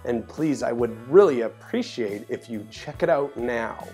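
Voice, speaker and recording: Guy introducing prank clips, slow and plain, faint guitar music behind. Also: medium pitch, animated, darkish tone. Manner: slow, plain, slightly stumbling delivery. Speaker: show narrator.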